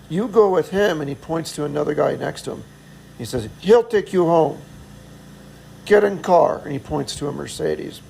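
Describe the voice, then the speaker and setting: A middle-aged man with a gravelly, rough-edged voice, pitched a little high for a man. He tells a travel story in a loose, rambling way. He often chuckles and pokes fun at himself. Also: darkish tone, a little hiss or hum, poor audio. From United States. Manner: chuckling, self-deprecating, rambling. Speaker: vlogger. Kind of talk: casual storytelling.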